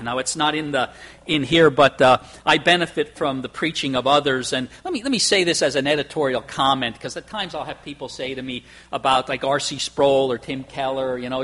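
A man's voice: a little high, lively intonation, fairly quick, pushed and bright, breathy edge. A man preaching a sermon to his congregation in an emphatic, conversational way, asking rhetorical questions. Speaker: pastor.

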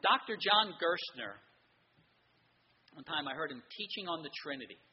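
A man's voice: on the high side, expressive, moderate pace, breathy edge, highs cut off. A man preaching a sermon as pastor, earnest, telling quoted stories.

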